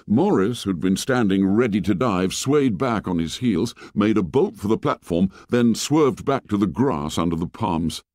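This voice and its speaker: Deep-voiced male audiobook narrator, expressive. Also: unhurried, few pauses, dry recording, clean studio sound. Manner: dramatic, dropping low and soft on grim lines. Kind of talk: expressive novel reading.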